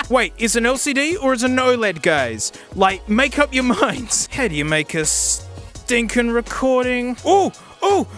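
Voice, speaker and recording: A man reviews a gadget in a casual vlog, excitable and sarcastic, laughing and exclaiming as he goes. His voice swoops up and down, and faint music plays behind him. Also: very high voice.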